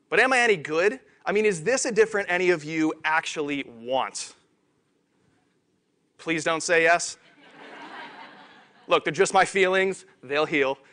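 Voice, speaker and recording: A man giving a conference keynote talk on stage, animated and self-deprecating. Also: high voice. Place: conference stage before an audience.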